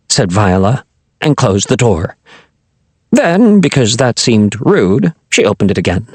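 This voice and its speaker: A man reading a children's fantasy audiobook in an expressive storytelling manner. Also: fairly low pitch, a little slow, husky, no room sound. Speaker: audiobook narrator. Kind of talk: scripted narration.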